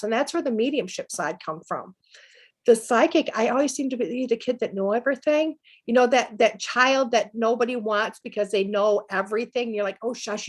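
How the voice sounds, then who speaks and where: Middle-aged woman guest, kinda high voice, chatty storytelling w/ little laughs. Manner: lively anecdotal telling with laughs. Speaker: psychic medium guest. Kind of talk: storytelling interview chat.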